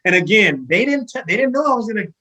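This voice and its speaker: A man's voice: sits high, fast, rough recording. A man in his thirties from California, a firefighter telling a casual story on a podcast with lots of fillers and restarts. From Sacramento, California. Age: 30s. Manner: animated anecdote-telling with many fillers and restarts. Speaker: guest, firefighter.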